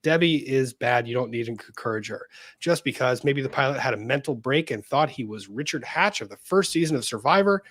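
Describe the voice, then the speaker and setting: A man's voice: medium pitch, animated, a little fast, fairly bright tone, no echo. A man co-hosting a casual livestream, reading viewer comments aloud and laughing often. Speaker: co-host reading super chats.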